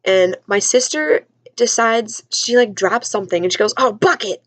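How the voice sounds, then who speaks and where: A woman's voice: medium pitch, animated, moderate pace, no room sound. A young woman telling a story in a chatty, self-mocking vlog from her basement at home, with lots of "like.". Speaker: vlogger.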